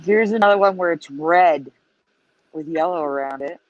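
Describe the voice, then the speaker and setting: A woman with a low voice, speaking at normal speed, co-hosts a casual livestream chat. She explains pictures and asks viewers questions, and the stream audio is dull and lo-fi.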